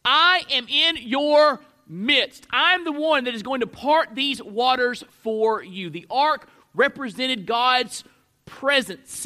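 A man preaching in a very high, sharp voice. He reads the passage and teaches from it, swelling on single words, then dropping back to let them land. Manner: emphatic, stretches key words with sudden swells in loudness. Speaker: pastor. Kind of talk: expository sermon.

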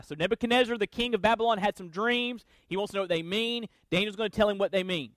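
A man's voice: high voice, fast, few pauses, fairly bright tone, no echo, studio quality. A man preaching a sermon, teaching from scripture with emphatic, repeated refrains. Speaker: pastor.

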